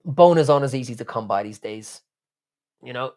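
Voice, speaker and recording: A man's voice: mid-range voice, brisk, darkish tone. A man with a strained throat hosting a livestream, reading out chat and bantering back in a laddish, sweary way. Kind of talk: casual live stream chat.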